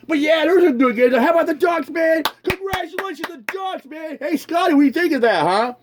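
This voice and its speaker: A man's voice: very high voice, lively intonation, a little fast, noisy background. A man hosting a casual podcast, ranting with constant swearing and frequent laughs. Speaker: podcast host. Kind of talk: casual profane rant.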